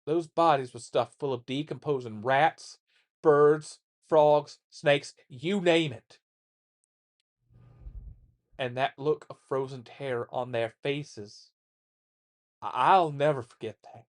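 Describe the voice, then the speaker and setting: A man voicing a gruff old war veteran father who lectures his son in a blunt, coarse, folksy way. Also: medium pitch, takes it slowly, long pauses, natural voice. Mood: grim. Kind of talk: reading a letter aloud in character.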